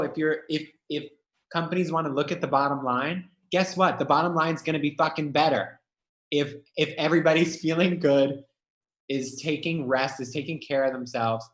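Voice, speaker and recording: A man's voice: fairly high pitch, normal speed, a bit bright, roomy sound. A man, a guest musician in a candid conversation, speaking emphatically and swearing freely.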